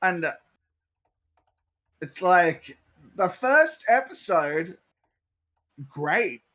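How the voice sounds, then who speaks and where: A man with a fairly high voice, a guest on a watch-along. He rambles and jokes through casual commentary as the film plays. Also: sing-song, drawn-out words, a bit bright. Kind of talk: casual chat.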